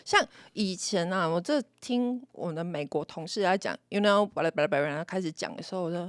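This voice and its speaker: A woman's voice: lowish voice, lively intonation, quick pace, dry recording, studio quality. A woman from Taiwan, co-hosting an English lesson and explaining chattily with English words mixed in. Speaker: co-host English teacher. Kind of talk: casual bilingual lesson chat.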